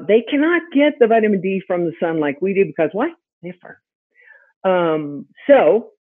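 A woman hosting a webinar as a pet health consultant, teaching in a lively, chatty way full of rhetorical questions. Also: low-pitched, breathy edge. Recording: tinny phone-like audio.

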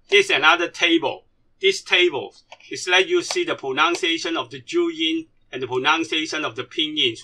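With a sharp tone and a slightly high voice, this Cantonese-speaking man leads a lesson from slides in non-native English. He goes over the syllables slowly, one by one.

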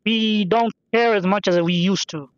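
A man's voice: high-pitched, moderate pace, smooth, no room sound, lo-fi sound. A young man giving rambling, self-deprecating commentary over a game, swearing casually and musing aloud. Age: young adult. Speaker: gameplay commentator. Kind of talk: rambling let's-play commentary.

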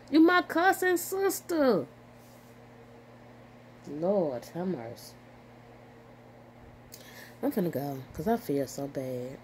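An older woman rambles on her home vlog, her pitch climbing and dropping as she swears and laughs at herself. She talks at a slow, drawn-out pace into her phone or computer mic. A faint hum of room noise sits under her voice. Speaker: YouTuber. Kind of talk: casual vlog chat.

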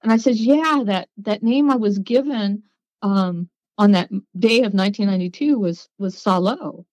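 A woman guest on a podcast, telling her story in a lively way and acting out the voices of people she quotes. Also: medium pitch, moderate pace, dry recording, rough recording. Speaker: guest, psychic.

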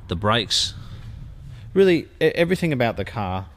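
A man's voice: medium pitch, sing-song, moderate pace. A man giving a gushing car-sales walkaround as a dealer. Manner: enthusiastic, gushing sales talk.

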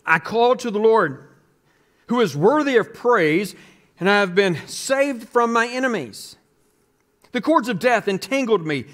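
A man's voice: high voice, animated, measured pace, a bit bright. A male pastor giving a sermon, speaking earnestly and reading scripture aloud.

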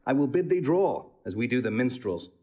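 An actor playing a witty young nobleman who jests quickly in a stage play recording. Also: medium pitch, sing-song, narrow, tinny audio, close to an everyday voice. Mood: jesting. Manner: jesting, quick-witted.

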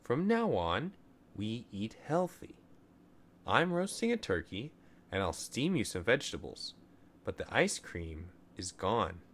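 A man voicing a patient but firm mother in a children's storybook, speaking calmly and plainly. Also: fairly low pitch, slow, full character voice. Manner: calm, firm and plainly spoken. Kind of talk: storybook reading.

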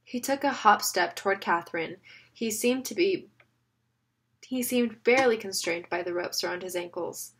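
A woman narrating a novel in a steady storytelling manner. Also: fairly low pitch, moderate pace, breathy edge. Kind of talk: audiobook reading.

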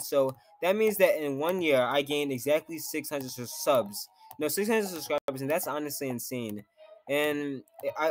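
A man's voice: fairly high pitch, dry recording. A young man hosting a gaming channel, talking through gameplay in a rambling, heartfelt way with many fillers. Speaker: gaming YouTuber. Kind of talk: casual gameplay commentary.

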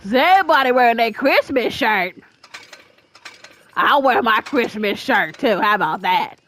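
A woman giving loud, excitable gameplay commentary, cheering her teammates on and trash-talking the opponent. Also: a little high, moderate pace. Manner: trash-talks the killer. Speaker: gaming video creator. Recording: loud game music behind the voice.

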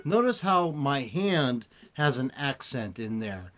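Slow easygoing man teaching guitar. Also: medium pitch, very animated. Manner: slow, easygoing, demonstrates while talking. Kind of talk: relaxed music lesson. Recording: loud guitar under the voice. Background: loud cigar box guitar playing.

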